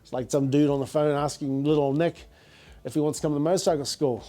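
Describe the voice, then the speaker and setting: Middle-aged New Zealand man, animated slangy storyteller, slightly high voice. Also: fast. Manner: animated, slangy, repeats words. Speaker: guest, business founder. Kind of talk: casual interview storytelling.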